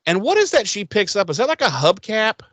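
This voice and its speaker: A man co-hosts a TV recap podcast, chatting casually with sarcasm and swearing and doing quick character voices. His voice is high, sing-song and a bit bright, with no echo.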